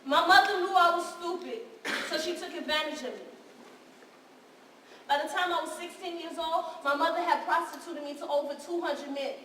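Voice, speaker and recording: Woman acting a defiant hurt young woman, high voice, raw and confrontational, live stage, super echoey far-off hall. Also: moderate pace, fairly bright tone, slight background noise. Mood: defiant, angry. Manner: raw and confrontational, with bursts of bitter laughter. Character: wounded, defiant young woman confessing to her counselor. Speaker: stage actor. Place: theater stage. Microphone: distant room mic.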